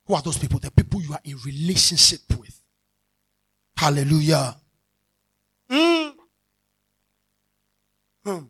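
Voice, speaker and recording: A man's voice: fairly high pitch, big pitch swings, measured pace, pauses often, husky. A man preaching a sermon, repeating key words and calling out to the congregation. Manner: repetitive, call-and-response preaching, bursts into shouting.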